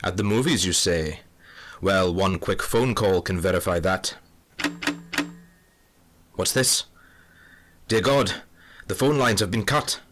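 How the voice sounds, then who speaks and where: Man doing a low-voiced detective inspector, wry, deadpan, melodramatic narration, comic audio drama. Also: slow, long pauses, a little hiss or hum. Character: hard-boiled Scotland Yard police inspector, middle-aged man.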